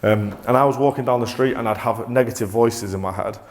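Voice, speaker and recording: A man presenting a motivational talk to a live audience, energetic and coaxing, often restarting mid-sentence. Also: mid-range voice, brisk. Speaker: corporate presenter.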